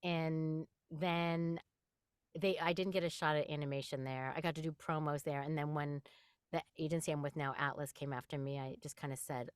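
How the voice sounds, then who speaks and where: Animated low-voiced woman voice actress. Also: moderate pace, smooth, no echo, clean studio sound. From New York. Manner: animated storyteller, laughs often, acts out quotes. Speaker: voice actress guest. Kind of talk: casual interview chat.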